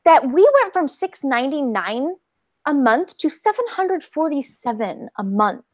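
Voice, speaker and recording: A woman's voice: high-pitched, big pitch swings, unhurried, dry recording. A woman co-hosting a podcast in casual chat, enthusiastic and rambling. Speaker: podcast co-host.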